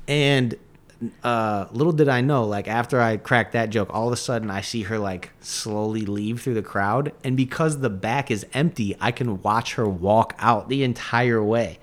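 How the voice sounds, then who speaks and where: A man's voice: fairly low pitch, normal speed. A man, a touring stand-up comedian, telling stories in casual podcast chat and acting out the quotes. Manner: animated storyteller, acts out quotes.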